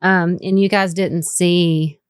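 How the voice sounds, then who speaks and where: A former juror with an Appalachian accent, talking through her memories of a trial in a measured, halting way on a casual podcast. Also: lowish voice, steady tone, smooth, no echo, clean studio sound. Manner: measured, recalls trial details with hesitations.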